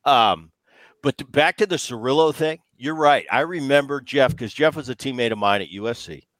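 A middle-aged man hosting a casual sports podcast, animated and telling stories with quick impressions of other people. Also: mid-range voice, no echo. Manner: animated storyteller, mimics others in quotes. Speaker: podcast host, former ballplayer.

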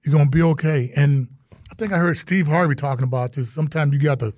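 A middle-aged man, a guest in an interview, telling stories in a lively way and acting out the quotes. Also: a little high, quick pace, no room sound, studio quality. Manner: animated storyteller, acts out quotes, exclamations. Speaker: interview guest, retired football player. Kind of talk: casual interview storytelling.

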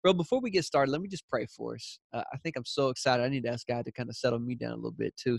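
Southern American man, podcast host, excitable and rambling, dry close sound. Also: mid-range voice, fast talker, gravelly, few pauses, no echo. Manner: eager, many fillers and restarts, leads a prayer. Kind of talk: enthusiastic interview podcast.

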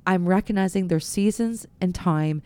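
A woman's voice: fairly low pitch, normal speed, warm tone, smooth, no echo. A woman pastor co-hosting a casual faith podcast, telling candid, confessional stories with many restarts.

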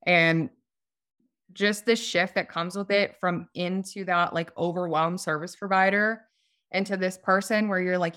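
A woman's voice: lowish voice, fairly even intonation, measured pace, fairly bright tone. A woman guest, a business owner, talking earnestly and enthusiastically in a candid interview over a call.

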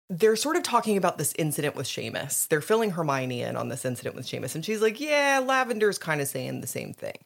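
A woman co-hosting a podcast, chatting casually about a book, animated and quick to laugh and swear. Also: on the low side, creaky. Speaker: podcast co-host. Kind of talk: casual chat recapping a book.

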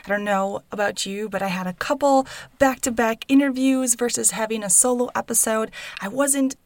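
A woman in her thirties hosting a solo podcast, chatty and upbeat, often tagging her sentences with a quick "right?". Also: a little high, no room sound. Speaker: podcast host. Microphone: recorded without her usual studio mic.

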